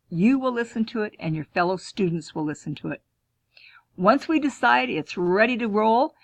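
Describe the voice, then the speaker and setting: A woman school librarian teaching students, clear and instructive, posing questions and answering them herself. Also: medium pitch, no echo. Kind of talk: classroom lesson, talking to students.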